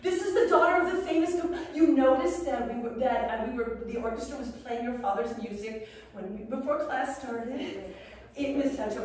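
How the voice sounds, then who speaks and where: Dressed as a genteel academy headmistress, a woman teaches a class manners with prim formality and playful humor in this in-character living-history lesson. Her pitch is fairly high and a little mellow. She's recorded by a far camera in a large echoey room with the class, her voice well away from the mic.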